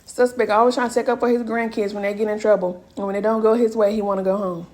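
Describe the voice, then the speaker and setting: A woman's voice: mid-range voice, flat delivery, fast talker, darkish tone. A woman influencer talking bluntly and confrontationally in casual social media posts, often laughing.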